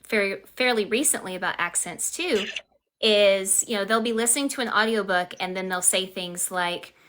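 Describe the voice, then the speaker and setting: Bright-voiced woman explaining thoughtfully. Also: medium pitch, normal speed, a little hiss or hum. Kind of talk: casual live-stream chat.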